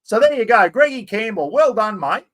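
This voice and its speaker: A man in his fifties with an Australian accent, excitedly hosting a chatty live stream giveaway and poking fun at himself. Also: high voice, normal speed. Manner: excitable, chatty, self-mocking.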